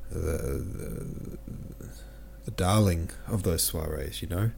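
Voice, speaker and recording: A podcast host talking through a novel in a loose, rambling way. His voice sits low and has a dark, mellow tone. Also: takes it slowly, vocal fry, a little hiss or hum. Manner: rambling, conversational, reads listener comments aloud. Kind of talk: casual book discussion.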